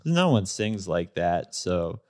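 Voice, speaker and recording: A man in his thirties, a guest in a casual interview, telling stories in a relaxed way with lots of fillers and laughs. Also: low-pitched, slow pace, no echo. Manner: relaxed storyteller, laughs often, many fillers.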